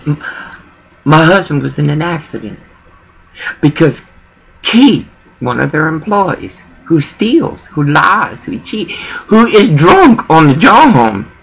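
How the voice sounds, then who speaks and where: A woman's voice: low-pitched, big pitch swings, slow, vocal fry, long pauses, slightly rough, poor audio. A woman talking in a rambling personal monologue, emotional and digressive, often repeating herself.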